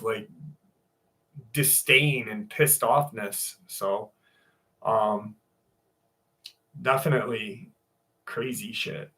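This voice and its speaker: A man's voice: mid-range voice, fairly bright tone. A man in his forties hosting a livestream. He chats casually, greets viewers by name, swears freely and reads listener stories aloud. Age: 40s. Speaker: livestream host.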